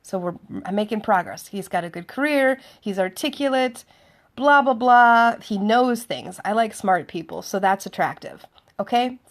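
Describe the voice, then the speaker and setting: Speaking in an expressive, medium-pitched voice at a moderate pace, a woman vlogger recounts a dating story. She's chatty and sardonic, performing the dialogue from both people's sides.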